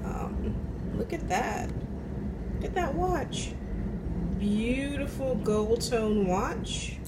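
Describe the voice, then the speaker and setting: A woman's voice: fairly high pitch, expressive, very slow, heavy background noise. A woman unboxing jewelry in a casual vlog, gushing and thankful, at home in her apartment. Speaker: jewelry vlogger. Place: apartment with a train passing outside. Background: faint passing train.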